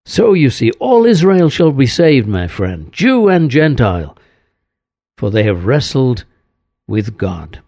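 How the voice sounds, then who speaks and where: A man preaching an earnest sermon, speaking directly to the listener and letting his voice sink low and soft at the ends of phrases. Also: big pitch swings, slow pace, gravelly, dry recording. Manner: earnest, addresses listener as "my friend". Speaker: regular host of a recorded devotional.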